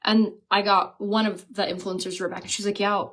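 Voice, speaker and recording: A woman's voice: mid-range voice, fairly quick. Chatty young woman telling a storytime. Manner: animated storytelling with mocking quoted voices. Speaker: beauty vlogger. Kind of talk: casual chatty storytime vlog.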